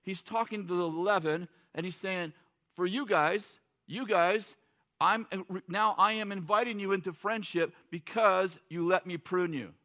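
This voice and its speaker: A man's voice: high-pitched, a little slow, sharp tone. A middle-aged man preaching a sermon in a loose, joking, conversational way, acting out quotes. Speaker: pastor.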